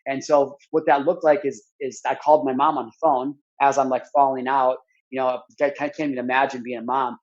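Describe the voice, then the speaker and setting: A man's voice: mid-range voice, little pitch movement, brisk, dull audio. A man in his thirties, speaking as a podcast guest, tells a personal story in an earnest, rambling way full of "like" and restarts. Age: 30s.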